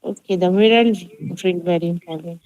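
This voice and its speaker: Soft-spoken woman reading aloud carefully. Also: lowish voice, no echo, dull audio. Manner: reads slowly and carefully, with non-native grammar. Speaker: student in an online class.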